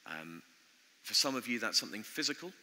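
A man preaching a sermon in an earnest, conversational way, pausing often as he speaks in a church. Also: on the low side, big pitch swings, pushed and bright. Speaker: pastor. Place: church building. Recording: long church reverb.

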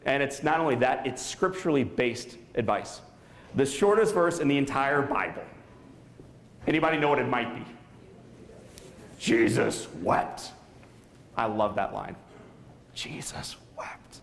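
A man's voice: mid-range voice, lively intonation, moderate pace, gravelly, slight background noise. Storytelling man in an echoey hall. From Saint Louis area. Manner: dramatic storytelling, quizzing the audience. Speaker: motivational speaker. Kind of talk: inspirational keynote speech. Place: school auditorium.

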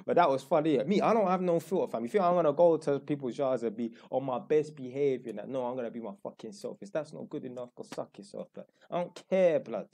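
A man's voice: mid-range voice, lively intonation, quick pace, gravelly, few pauses, darkish tone. A young man with a London accent telling a rambling, slangy story in a blunt, casual way. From London, England. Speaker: YouTuber.

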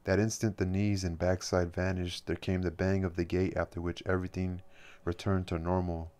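A man reading a novel aloud as an audiobook, measured and steady with occasional restarts. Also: low-pitched. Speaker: audiobook reader.

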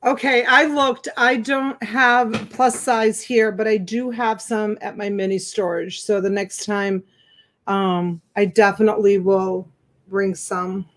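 A woman co-hosting a live sale talks in a relaxed, offhand way and thanks viewers for joining. Her pitch sits in the middle for a woman. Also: takes it slowly. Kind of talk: casual conversation.

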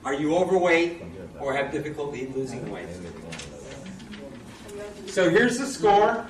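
A man's voice: fairly high pitch, very animated, measured pace, crowd noise. A man giving a chatty product presentation, asking the audience questions, recorded from a distance in a noisy, echoey room. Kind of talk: live product talk to an audience.

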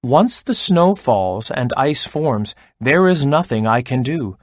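Slow, measured, wise sun, as a man reads it, for a storybook read-aloud. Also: medium pitch, very animated, dry recording, clean studio sound. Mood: calm. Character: wise, calm male sun spirit.

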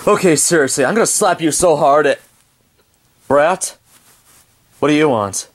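A man's voice: on the high side, normal speed, close to an everyday voice. A man voicing a gloomy, grumpy dog who grumbles in an amateur toy drama. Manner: glum, grumbling.

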